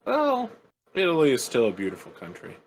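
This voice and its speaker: A man's voice: fairly high pitch, wildly swooping pitch, fairly quick, slight background noise, voice pushed up, rough recording. A man voicing a blunt, businesslike male adventurer in a tabletop game, asking straightforward questions.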